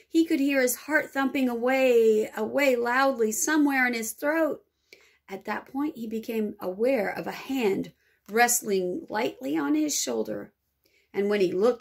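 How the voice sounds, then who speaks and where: A woman teacher reading a children's novel aloud, expressive and lingering over words. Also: on the high side, vocal fry.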